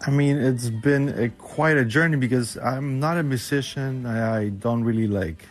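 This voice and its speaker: A man's voice: mid-range voice, moderate pace. Hesitant young man with many fillers. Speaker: guest, son of the musician.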